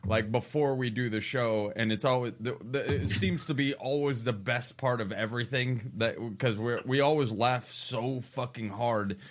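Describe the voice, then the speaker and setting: A man's voice: medium pitch, moderate pace, hardly any pauses. A man co-hosting a casual podcast, teasing his partner and swearing freely. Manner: teasing, laughing, crude. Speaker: podcast co-host. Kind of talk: casual chat.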